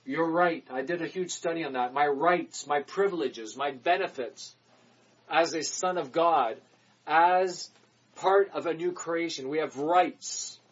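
A man preaching a sermon, emphatic, repeating phrases and swinging from loud declarations to quick muttered asides. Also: fairly high pitch, husky, highs cut off.

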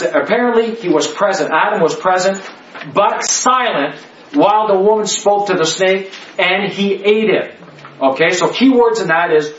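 A man's voice: sits high, a bit bright. A man leading a Bible study for a small group, talking emphatically, repeating key words and checking in with "okay?" all the time. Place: indoor room with a listening group. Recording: echoey room, mic far off, dull lo-fi.

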